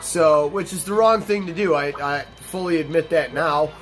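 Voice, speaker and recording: A man's voice: fairly high pitch, normal speed. Profane, blunt man over game music. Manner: blunt, profane, animated retelling with quoted dialogue. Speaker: gaming channel host telling a story. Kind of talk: casual storytelling over gameplay.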